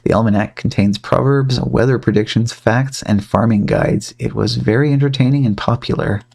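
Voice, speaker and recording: A man's voice: mid-range voice, normal speed, creaky, a little mellow, slightly rough. A man playing through a game on a stream, chatty and joking as he reads on-screen text. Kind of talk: let's-play commentary.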